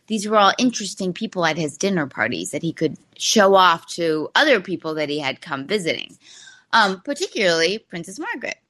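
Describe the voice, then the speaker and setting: A woman author chats as a guest on a podcast interview, with a voice that sits on the lower side. She tells her story with animation and open amusement, in a relaxed conversational way. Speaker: novelist guest. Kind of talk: casual podcast interview chat.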